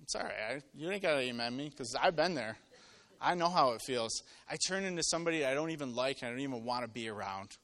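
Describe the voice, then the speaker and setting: A man preaching a sermon to a live congregation, telling stories and acting out voices, swinging from loud to quiet. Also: fairly high pitch. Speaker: pastor. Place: church with live audience.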